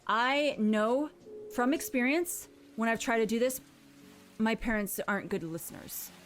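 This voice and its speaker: A woman, a parent, hosting a casual livestream chat, giving earnest, gentle advice and reading viewers' messages aloud. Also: a little high, unhurried, soft background music. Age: adult parent. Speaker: livestream host.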